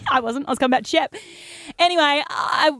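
A young woman co-hosts a morning radio show and tells stories in a chatty, casual way. Her voice sits a touch high. It sounds dry and close to the mic. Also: brisk, a bit bright, no room sound. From Australia. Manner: chatty storytelling with laughs. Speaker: radio host.

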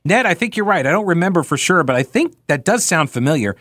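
A man hosting a talk radio show. He reads out listener emails and answers them with a sarcastic, mocking edge. His voice sits a little high and sounds dry and close in the studio. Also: sing-song, quick pace, fairly bright tone, dry recording.

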